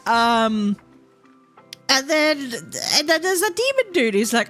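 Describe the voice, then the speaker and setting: A young woman livestreaming a game, chatting casually and thinking out loud in a rambling, easygoing way. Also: a little high, sing-song, moderate pace, faint music behind. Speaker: streamer. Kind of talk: casual gameplay chat while livestreaming.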